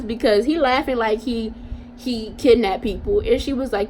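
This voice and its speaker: A young woman vlogger telling a casual storytime in an animated, slangy way, talking straight to her viewers. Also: a little high, moderate pace, slight background noise.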